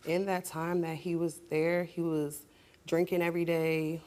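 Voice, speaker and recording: A young woman with a fairly low-pitched voice speaks as a talk show guest on a studio stage. She tells her story in an upset, urgent way and turns sharp and confrontational when she argues back. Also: little pitch movement, measured pace. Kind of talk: emotional personal account, then heated argument.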